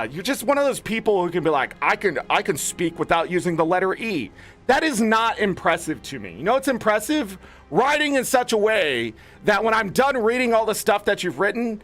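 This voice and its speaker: A man's voice: sits high, a bit bright. A man hosting a gaming channel, ranting with exasperated profanity and rambling filler words. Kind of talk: ranting commentary.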